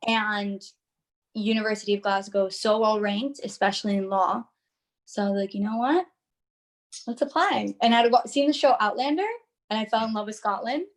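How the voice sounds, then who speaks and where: A woman's voice: mid-range voice, brisk. A woman in her twenties from Miami, a podcast guest telling stories in casual chat and acting out her own lines. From Miami, United States. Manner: animated storyteller, acts out her own lines.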